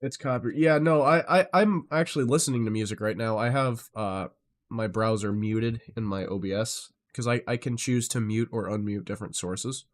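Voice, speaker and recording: A man of ordinary pitch talking to his live-stream chat in a loose, rambling way. He gets excited and swears freely, hopping from one tangent to the next. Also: moderate pace.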